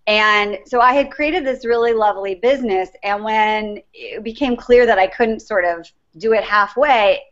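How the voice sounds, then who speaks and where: A woman's voice: mid-range voice, moderate pace, hardly any pauses. A middle-aged woman guest in an interview, telling her story in an earnest, reflective way. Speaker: guest, life coach. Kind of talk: interview conversation. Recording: dull lo-fi sound.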